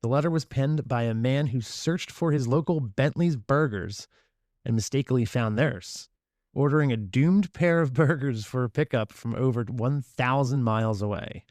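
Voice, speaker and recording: A man hosting a podcast, talking in a reflective, unhurried way with frequent fillers and restarts. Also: mid-range voice, darkish tone, dry recording, clean studio sound. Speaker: podcast host. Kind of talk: casual podcast monologue.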